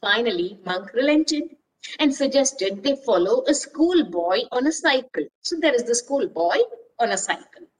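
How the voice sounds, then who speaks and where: Woman storyteller, children's story, expressive, slow, high voice, distant mic. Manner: expressive, asks listeners questions.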